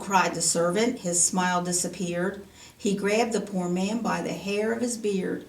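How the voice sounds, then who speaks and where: A woman's voice: medium pitch, unhurried. A woman teaching Sunday school, reading a rhyming children's story aloud in a sing-song cadence. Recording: roomy, from a distance.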